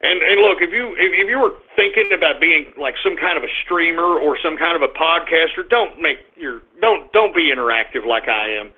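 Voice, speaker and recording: A man hosting an internet radio stream, reading out listener shout-outs and often exploding into crude, shouting rants. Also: fairly high pitch, lively intonation, brisk, hardly any pauses, breathy edge. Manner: crude, belligerent, prone to shouting outbursts. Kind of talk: live streamed radio rant. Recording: tinny phone-like audio.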